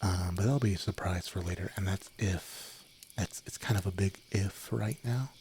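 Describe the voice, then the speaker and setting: A young man with a very low voice chats softly into a desk mic before bed. He rambles, giggles, and drifts into whispers as he talks with his viewers. A faint hiss sits under the recording. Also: moderate pace. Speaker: streamer. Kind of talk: soft-spoken late-night stream chat. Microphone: desk microphone, no windscreen.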